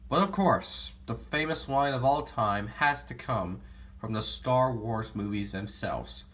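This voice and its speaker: A young man chats about films in an excited, rambling way, tripping over his words and starting over. His voice sits at a middling pitch, and he talks in a loose, off-the-cuff manner. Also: measured pace. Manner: enthusiastic, rambling, self-corrects often. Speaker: movie vlogger. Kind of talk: casual movie talk to camera.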